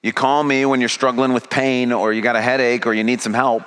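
A man's voice: mid-range voice, level tone, brisk, fairly bright tone, smooth. A man preaching a sermon, paraphrasing Jesus and building to a pressing, rising delivery. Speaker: pastor.

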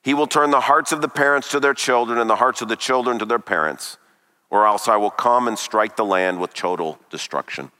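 A man preaching a sermon emphatically, with dramatic pauses and rhetorical questions. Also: mid-range voice, sharp tone, in a large hall.

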